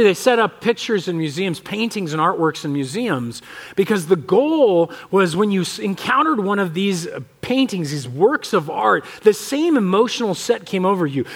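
A man with an American accent preaching a conversational, animated sermon as pastor of a church, often acting out the voices he quotes. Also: high-pitched, moderate pace. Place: church sanctuary.

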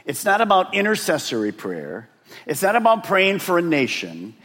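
A man preaching a sermon and talking straight to his congregation. He is animated and drops to a hush for emphasis. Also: sits high, moderate pace. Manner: addresses the congregation directly. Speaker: pastor. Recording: long reverb of a large hall.

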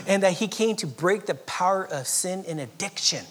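Pastor, male, from Southern California; dynamic preaching with loud and near-whispered passages. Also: high voice, expressive, fairly quick. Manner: dynamic preaching, swinging from loud emphatic lines to soft near-whispers, with chuckles. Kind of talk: sermon.

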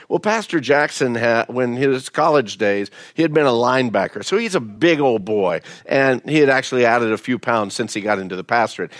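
Male pastor, folksy conversational sermon, middle pitch, dry close sound. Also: no echo. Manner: folksy, conversational, repeats words. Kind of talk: storytelling sermon.

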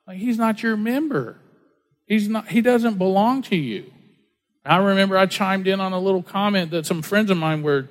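Pastor guy with a high-ish voice preaching, chatty storyteller, lots of echo like a big church hall. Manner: conversational, storytelling with acted-out quotes. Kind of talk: sermon. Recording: long hall reverb.

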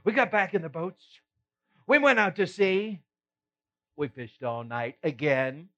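A folksy fisherman apostle, played by a man, recounts his tale in the first person with a fairly high voice that swoops up and down. He takes his time and laughs along as he goes. The recording sounds dull and lo-fi. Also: sing-song, measured pace, bright, forceful tone, exaggerated voice. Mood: animated. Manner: chuckling, folksy storyteller. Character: the apostle Peter, a middle-aged fisherman telling his story. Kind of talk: first-person dramatic monologue.

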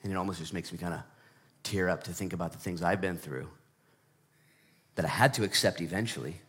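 Casual preacher guy, jokes around, swings from hushed to loud and excited. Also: low voice, husky. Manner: swings between hushed, slow emphasis and loud, excited stretches; conversational, joking preacher. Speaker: pastor. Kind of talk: sermon.

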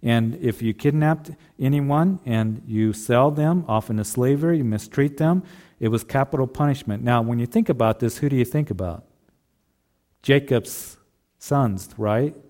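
A man preaches an earnest sermon in a mellow, dark voice at a middling pitch. He talks straight to the husbands, circling back and repeating his phrases as he goes. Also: normal speed. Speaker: pastor.

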